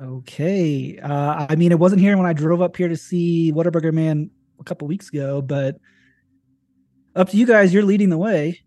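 A man with a fairly high but mellow voice, recorded dry and close, chats casually as a player at a game table. His talk is joking and playful. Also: moderate pace, no room sound.

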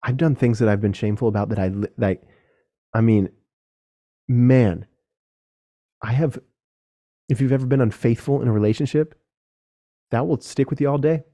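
A man's voice: mid-range voice, moderate pace, pauses often, warm tone. A young man hosting a solo podcast, talking earnestly and directly to other men, casual and with some swearing. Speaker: podcast host.

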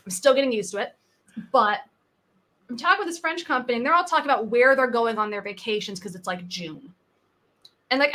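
In a conversational podcast interview, a woman in her thirties from the US who works as a sales coach tells animated stories, acting out the people in them. Her pitch is fairly high, and her pace is normal.

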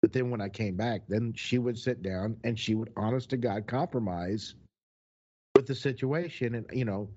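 A man's voice: lowish voice, normal speed, warm tone, a little hiss or hum. A middle-aged man in casual chat, telling wry, candid stories about past relationships. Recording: dull lo-fi recording.

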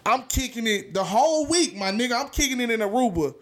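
A man guest on a podcast, telling animated stories in casual slang, dropping "bro" constantly. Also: very high-pitched, fast. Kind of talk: casual storytelling.

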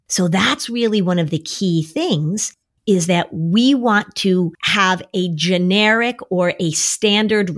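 A middle-aged woman, a therapist, talking on a podcast, animated and coaching, sometimes jumping into a high voice to mimic a child. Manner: animated, acts out worried kids in a high voice. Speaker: anxiety therapist and podcast co-host. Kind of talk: podcast conversation.

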